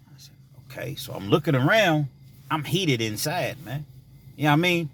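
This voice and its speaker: A man vlogging, telling a story in a casual, rambling way with many fillers, sometimes mimicking frantic girls in a high voice. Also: very animated, fairly quick, gravelly, breathy edge.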